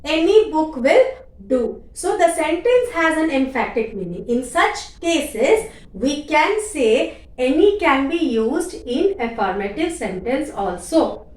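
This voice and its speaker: A woman's voice: high voice, very animated, slow, distant mic. A woman teaching a grammar lesson, repeating key words and checking in with "okay?" as she explains. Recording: echoey room, voice off-mic.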